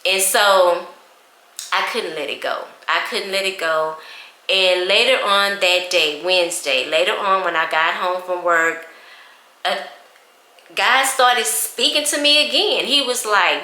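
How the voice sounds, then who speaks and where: A woman's voice: medium pitch, a little slow, sharp tone. A woman, telling an emotional story to her viewers in a casual chat. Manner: emotional, chatty, addresses viewers as y'all. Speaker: vlogger. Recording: echoey room.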